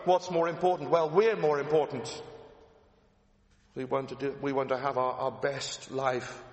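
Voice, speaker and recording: A man's voice: a little high, flat delivery, normal speed. A man preaching a sermon, emphatic, repeating his key phrases and asking rhetorical questions. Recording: echoey hall with long reverb.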